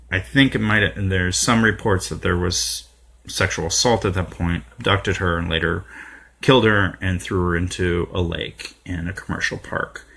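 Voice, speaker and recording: Man with a low, gravelly voice, ranting to camera, angry and profane. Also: bright, forceful tone. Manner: irate, profane, with fillers and repetitions. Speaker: video blogger. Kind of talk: impassioned political monologue.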